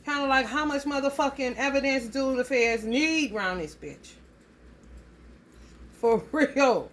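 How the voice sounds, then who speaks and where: A woman's voice: sits high, animated, a little slow, a bit bright, slight background noise. A woman giving a casual spoken reading to her viewers, blunt and heavily profane, rambling loosely as she talks. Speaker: astrology reading vlogger.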